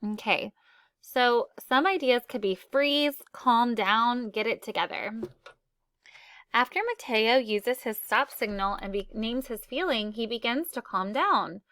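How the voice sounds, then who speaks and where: Woman teacher talking to a class of kids, bright crisp voice, upbeat. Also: fairly high pitch, unhurried, no room sound, studio quality. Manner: upbeat, acts out example phrases. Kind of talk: classroom lesson for children.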